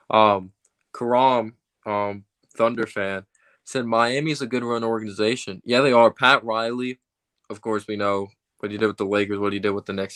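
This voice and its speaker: Casual low-voiced male sports fan host. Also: a bit bright, clean tone. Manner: casual, filler-heavy, fan talk.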